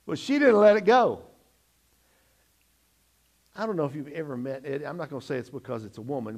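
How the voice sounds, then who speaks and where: A middle-aged pastor delivers a sermon, shifting between loud, emphatic lines and quiet, low asides. He often repeats words as he starts his sentences over.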